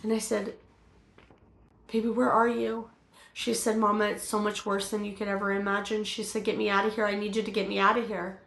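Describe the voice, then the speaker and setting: A middle-aged woman telling her personal testimony in an interview, halting, with many fillers and restarts. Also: mid-range voice, little pitch movement, vocal fry, fairly bright tone, roomy sound.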